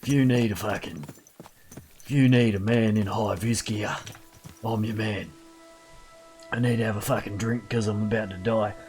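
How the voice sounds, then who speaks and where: A man's voice: lowish voice, steady tone, moderate pace, pauses often, a little mellow, faint music behind. A young Australian man streaming a video game, chatting casually in a rowdy, jokey way with plenty of swearing and doting talk to an in-game dog. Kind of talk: casual gameplay commentary.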